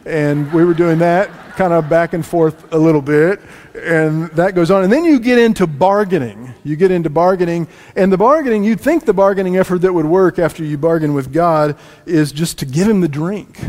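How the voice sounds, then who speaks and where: A man preaching a sermon as pastor, telling a family story with lively shifts between loud lines and quiet asides. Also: fairly high pitch, moderate pace. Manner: animated, swings from loud to hushed asides. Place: church sanctuary. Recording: long reverb in a large room.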